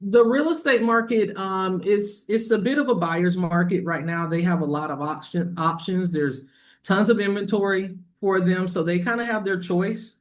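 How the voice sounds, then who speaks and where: Affable man, slightly high voice. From Florida. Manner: affable, quick to agree, jokes along. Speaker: real estate agent, guest. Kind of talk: casual interview conversation.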